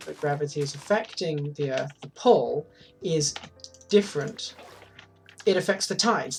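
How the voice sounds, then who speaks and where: A woman streaming a game, chatting casually and rambling, swearing often as she goes. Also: low voice. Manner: rambling, swears freely, frequent restarts. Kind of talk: casual chat while gaming.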